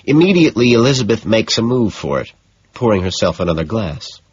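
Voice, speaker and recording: Deep, husky male audiobook narrator. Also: sing-song, fairly quick. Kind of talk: scripted first-person audiobook narration. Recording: dull, dry lo-fi audio.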